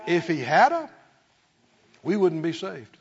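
A man preaching a fervent sermon to his church, swinging from quiet asides to shouted praise. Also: on the high side, sing-song, slow, muffled recording. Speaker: pastor.

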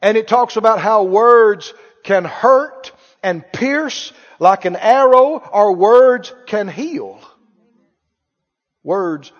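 A man preaching a sermon as pastor, talking conversationally and quizzing his congregation with questions. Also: high voice. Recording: muffled, reverberant hall.

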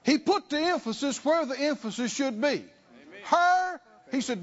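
Man, preacher, sermon; high voice, slow deliberate pace, call-and-response style, lo-fi recording. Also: lively intonation, a bit bright. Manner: rhythmic repetition, rhetorical questions, call-and-response with congregation.

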